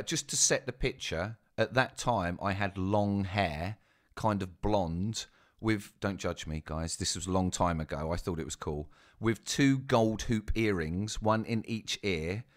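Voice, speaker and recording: Deep-voiced man telling a story. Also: a bit bright. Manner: chatty, self-mocking, asides to listeners. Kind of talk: casual spoken anecdote.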